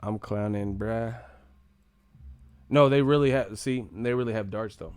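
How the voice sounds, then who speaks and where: A young man from the United States, hosting a casual live stream and joking loudly with lots of profanity. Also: lowish voice, unhurried, clean tone, dry recording. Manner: loud, profane, joking, laughs a lot.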